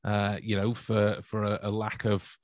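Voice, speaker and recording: A young podcast host with a Stoke-on-Trent accent chats casually, rambling with lots of fillers and restarts. His voice is fairly low and completely flat, his pace unhurried, with no echo.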